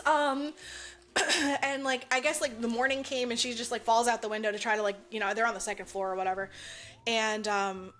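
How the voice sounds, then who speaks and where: A woman's voice: fairly high pitch, fairly even intonation, fairly quick, a bit bright. A woman co-hosting a podcast, recapping a movie in a rambling, casual way, full of "like" and swearing. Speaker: podcast co-host.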